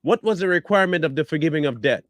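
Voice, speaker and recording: A scornful man delivers commentary with a voice that swoops up and down in pitch. He speaks bluntly, hammers his points with repeated rhetorical questions, and the recording is dry and close. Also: animated, quick pace, fairly bright tone, no room sound. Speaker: online commentator. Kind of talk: combative reaction commentary.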